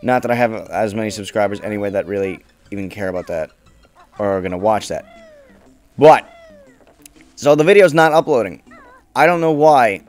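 A young man commentating his own gameplay casually, swearing often and bursting into frustrated shouts. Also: lowish voice, animated, normal speed, pauses often, soft background music. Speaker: let's play gamer.

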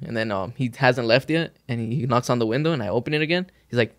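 A man rattles through an animated anecdote at a fast pace. He talks in a loose, casual way. The recording is close and dry. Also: medium pitch, no echo. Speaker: podcast co-host. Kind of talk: casual group chat.

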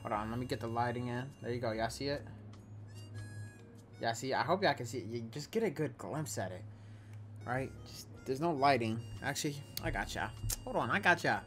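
A man's voice: medium pitch, lively intonation, fairly quick, fairly bright tone, faint music behind. A young man reviewing food on his home vlog, casual and slangy, with big exaggerated reactions, recorded on a camera at home. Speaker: food-tasting vlogger. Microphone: camera or phone.

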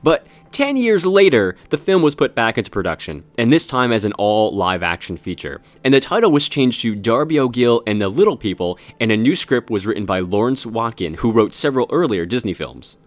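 A man's voice: medium pitch, a little fast, hardly any pauses, no echo. A man co-hosting a casual online show, joking and laughing as he chats and reads history notes. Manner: jokey, laughs often, animated. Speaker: co-host. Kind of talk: casual podcast chat.

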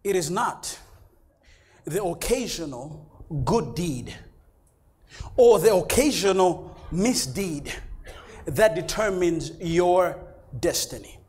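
A man preaching as pastor in a church, shifting between loud shouted lines and quiet low ones while he voices imagined church members. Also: animated, takes it slowly, long pauses. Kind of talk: sermon.

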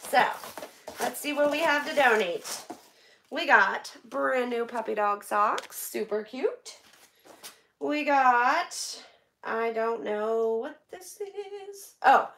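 A middle-aged woman from the United States, opening donated packages on a live stream and chatting excitedly with viewers. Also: high-pitched, slow pace, gravelly.

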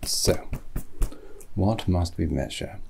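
Whispered role-play: a man playing a fussy British milliner, low, slow, gravelly and very breathy. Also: faint music behind, exaggerated voice. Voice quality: soft, breathy half-whisper. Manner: pompous, rambling, punning. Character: eccentric rambling male British hat maker.

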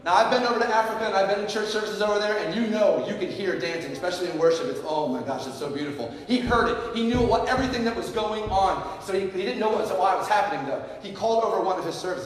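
A man preaching a sermon as pastor, telling a parable in a lively, animated way and acting out its scenes. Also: sits high, fast. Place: church sanctuary. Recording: echoey church hall, mic at a distance.

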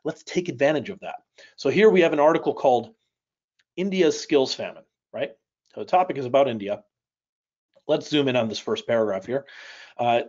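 A man leads a live speed reading lesson, speeding up and slowing down as he explains. His voice sits at a middle pitch, and the audio is slightly dull. He often checks in with listeners by asking "right?". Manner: lively, varies pace and loudness, frequent "right?". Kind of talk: live online teaching session.

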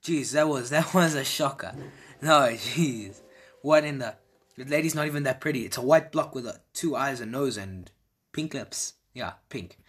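A man giving casual, excitable reaction commentary as a video creator, repeating his exclamations and laughing often. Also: mid-range voice, normal speed, breathy edge. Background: faint background music.

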